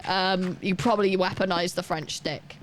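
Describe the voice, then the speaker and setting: A woman's voice: lowish voice, fairly even intonation, moderate pace, slight background noise. A woman, chatting casually and rambling with lots of fillers while she streams a game. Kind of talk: casual chat while gaming.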